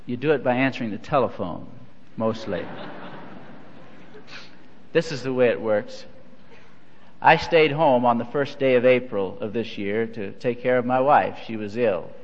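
A man's voice: mid-range voice, a little slow, pauses often, slight background noise. Folksy older man. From Missouri. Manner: folksy, self-deprecating storyteller with chuckles. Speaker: church leader. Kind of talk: humorous anecdotal sermon. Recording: dull, echoey hall recording.

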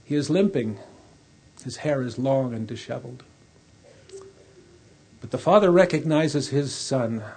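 Brief: male preacher, gravelly and unhurried, telling a sermon story vividly. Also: mid-range voice, a little mellow. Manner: slow, vivid, dramatic retelling.

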